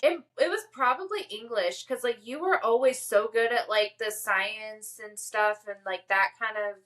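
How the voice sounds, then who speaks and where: A young adult woman co-hosting a podcast in casual chat, with a deadpan, stern-sounding delivery. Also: fairly high pitch, normal speed. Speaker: podcast co-host.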